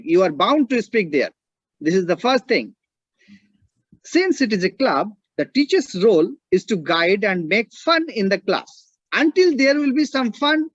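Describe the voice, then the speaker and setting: Male lecturer, high-pitched. Keeps checking in with the class and repeats key points. Dry, muffled recording. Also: slightly rough, no room sound. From India. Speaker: English teacher and linguist. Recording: dull, dry lo-fi audio.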